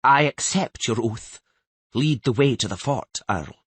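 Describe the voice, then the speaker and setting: A man's voice: medium pitch, animated, measured pace, fairly bright tone, breathy edge, dry recording, voice pushed up, full character voice. A man voicing an imperious older queen in an audiobook, cold and authoritative, raising his voice in anger. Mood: cold commanding.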